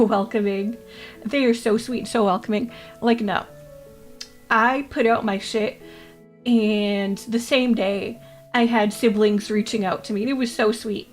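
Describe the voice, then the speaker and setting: Playful, higher-voiced woman streamer. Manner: playful, crude joking, laughs often; repeats her own phrases. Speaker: VTuber streamer. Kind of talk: casual live-stream chat, reading chat aloud.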